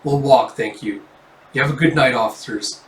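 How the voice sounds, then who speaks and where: A man reading a quiet, guarded father. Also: mid-range voice, normal speed, lightly acted. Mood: guarded calm. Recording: roomy, distant mic, faint ambience.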